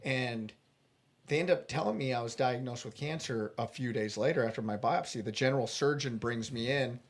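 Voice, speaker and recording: A man being interviewed, earnestly retelling a personal story with animated restarts. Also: mid-range voice, moderate pace. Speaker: interview guest.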